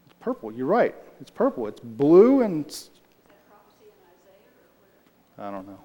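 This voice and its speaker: A man's voice: mid-range voice, wildly swooping pitch, slow pace, lo-fi sound. A man leading a casual Bible study, talking loosely and answering his group as he reads aloud. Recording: reverberant room.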